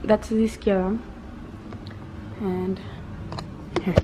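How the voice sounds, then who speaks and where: A woman's voice: medium pitch, little pitch movement, slow. A woman and mother chatting casually to the camera in a home vlog, coaxing her child to talk to the viewers. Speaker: mother and family vlogger. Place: at home, indoors. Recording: noisy home video recording.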